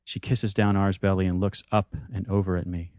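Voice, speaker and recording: Deep-voiced man reading an intimate story. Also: little pitch movement, brisk, darkish tone, no room sound. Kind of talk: reading a first-person story aloud.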